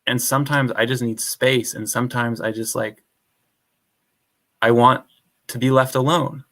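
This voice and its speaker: Rambling podcast guest, frank and casual. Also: male voice, mid-range voice, steady tone, measured pace, fairly bright tone. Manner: rambling, heavy use of "like", frank and swears casually. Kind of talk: casual conversational podcast chat.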